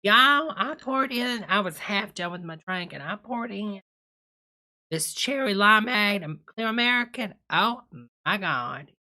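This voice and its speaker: A woman's voice: medium pitch, animated, measured pace, sharp tone. A woman hosting a comic reaction video, sassy and calling everyone honey.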